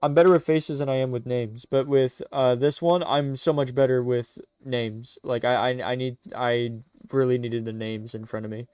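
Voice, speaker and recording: A man's voice: mid-range voice, moderate pace, few pauses, smooth, no echo, studio quality. A man streaming and chatting casually, rambling and stammering as he corrects himself mid-sentence. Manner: rambling, stuttering, self-correcting; excitable, chatty. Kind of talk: casual live-stream commentary.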